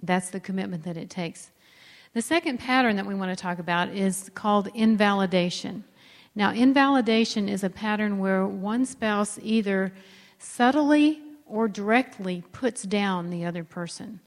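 A woman co-hosting a teaching talk on marriage, explaining in a calm, conversational way. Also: medium pitch, normal speed, long reverb tail.

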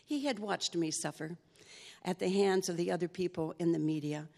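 A woman's voice: fairly low pitch, normal speed, gravelly, a little mellow. A woman giving an earnest faith testimony as a story, acting out the conversations she had. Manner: earnest, re-enacts conversations in dialogue. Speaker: speaker sharing a personal faith testimony. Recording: long hall reverb.

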